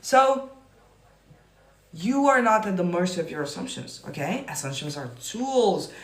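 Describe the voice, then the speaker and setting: A man coaching manifestation on a live stream, answering viewer comments in a profane, emphatic, often yelling way. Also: sits high, animated, a little slow. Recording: roomy echo.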